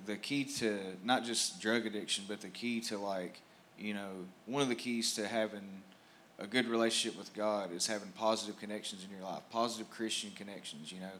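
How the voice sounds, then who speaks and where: Man, church testimony, low voice, casual, rambling, faint noise. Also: fairly even intonation, brisk, fairly bright tone. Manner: rambling, full of "like" fillers. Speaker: church member giving testimony. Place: church stage.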